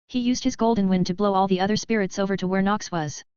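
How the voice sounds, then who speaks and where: Smooth-voiced woman reading a novel. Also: medium pitch, fairly even intonation, fast talker, darkish tone, dry recording. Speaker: audiobook narrator. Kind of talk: scripted narration. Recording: slightly dull lo-fi audio.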